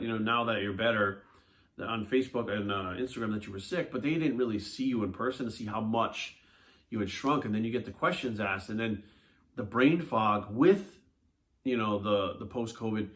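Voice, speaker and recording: A man who talks quickly. He is a fitness coach telling a personal story straight to his viewers. He is blunt and animated, and he swears freely. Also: medium pitch. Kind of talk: casual monologue to camera.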